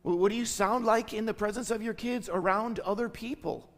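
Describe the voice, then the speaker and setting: Pastor guy preaching loud and emphatic, high-ish gravelly voice, big hall echo. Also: brisk. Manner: emphatic, repeats phrases for stress. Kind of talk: sermon. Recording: long hall reverb.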